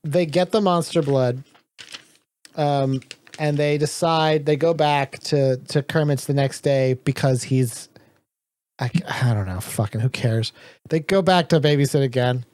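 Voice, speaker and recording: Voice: medium pitch, a little slow, darkish tone, dry recording. A podcast co-host giving a loose, casual plot recap, swearing freely. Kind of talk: casual book recap chat.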